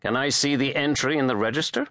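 A man's voice: medium pitch, fast talker, a bit bright, no room sound, close to an everyday voice. Guy reading a terse nosy journalist, audiobook, dry close sound. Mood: probing. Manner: terse, probing questions. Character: blunt male journalist, the first-person hero. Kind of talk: audiobook character voice.

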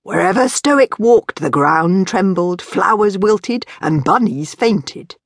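A woman reading her own children's book aloud, with a playful, expressive delivery and whispered asides. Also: medium pitch, slow pace, no room sound, studio quality. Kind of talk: expressive storybook narration.

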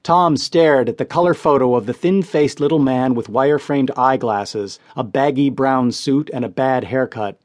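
A man reading crime stories as an audiobook narrator, in steady, measured scripted narration. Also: medium pitch, no echo, studio quality.

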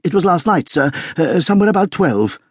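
A man's voice: a little high, sing-song, fast, a bit bright, husky, dry recording, studio quality, voice pushed up, exaggerated voice. A man voicing a flustered elderly butler who gasps out urgent news with deference. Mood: alarmed.

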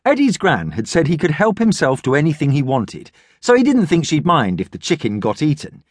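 A male narrator tells a children's story with lively delivery. His voice sits slightly high and moves animatedly. The studio sound is dry and close. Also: fairly quick, no room sound. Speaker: audiobook narrator.

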